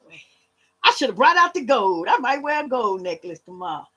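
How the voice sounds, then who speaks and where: A woman's voice: on the high side, a little fast. A woman in her fifties from Louisiana with a Southern accent, chatting casually to her viewers on a home livestream. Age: 50s. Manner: animated, talks straight to viewers as "y'all". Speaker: livestream vlogger.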